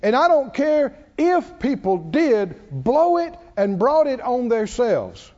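A man preaching a sermon, conversational and animated, drawing call-and-response from the congregation. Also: extremely high pitch, takes it slowly, in a large hall, lo-fi sound. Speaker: pastor.

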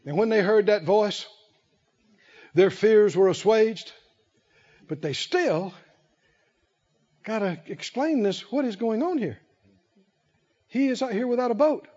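A male preacher giving a sermon to a congregation, animated and playful, often laughing and acting out scenes. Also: high voice, measured pace, pauses often, muffled recording. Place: church service with congregation.

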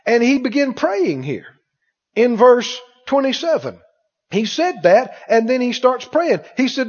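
A man's voice: very high-pitched, big pitch swings, measured pace, husky. A man preaching a sermon, acting out scripture voices and firing rhetorical questions at the congregation. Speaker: pastor. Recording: dull sound with long hall reverb.

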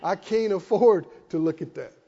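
A man preaching a fervent sermon, moving from hushed tones to shouted repetition as the congregation answers. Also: high-pitched, moderate pace, slightly rough, some chatter behind. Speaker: pastor. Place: church hall with congregation responding. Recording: dull hall reverb, lo-fi.

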